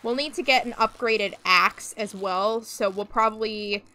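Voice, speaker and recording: Bright-voiced young woman streamer chatting. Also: medium pitch, unhurried, a little hiss or hum. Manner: chatty, hums and makes little sounds to herself. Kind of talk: casual gameplay chatter.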